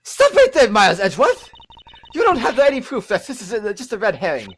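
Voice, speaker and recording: A woman's voice: sing-song, fast talker, slight background noise. A woman voicing a scolding rival investigator while reading game dialogue aloud, theatrical and accusing. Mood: triumphant. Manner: theatrical, scolding, leaps high in pitch.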